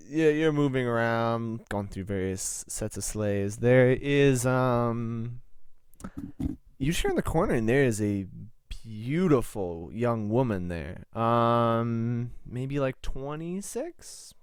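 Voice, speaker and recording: Young man, game master, halting narration, slow pace, clear tone, dry room. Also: medium pitch, animated, no room sound. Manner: halting, full of fillers and restarts.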